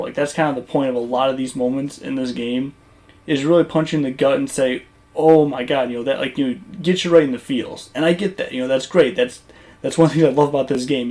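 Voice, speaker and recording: Guy rambling on about a game over gameplay, kinda high voice, lots of likes and you knows. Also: creaky, darkish tone. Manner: rambling, conversational, many fillers and restarts. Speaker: gaming YouTuber. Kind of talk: casual commentary over gameplay footage.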